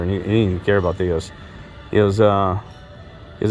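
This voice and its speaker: A man's voice: sits low, fairly even intonation, quick pace, pauses often, darkish tone, soft background music. A middle-aged man rambling through personal stories on his vlog, circling back and restarting his sentences with lots of fillers. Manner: meandering, repeats himself, many fillers and restarts. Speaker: vlogger.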